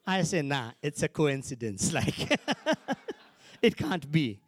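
Animated male preacher with lively pitch. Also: slow. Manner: animated, repeats phrases, exclaims hallelujah. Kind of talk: sermon.

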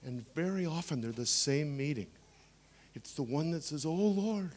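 A man in his sixties preaches with animated energy, his voice sitting a bit high as he tells stories and drops humorous asides to his congregation. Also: normal speed. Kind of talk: sermon.

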